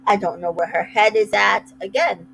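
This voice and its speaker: A woman's voice: medium pitch, normal speed, creaky, fairly bright tone, breathy edge, low-quality recording. A woman casually recapping a reality show, chatty and retelling scenes with little quoted asides. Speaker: recap host.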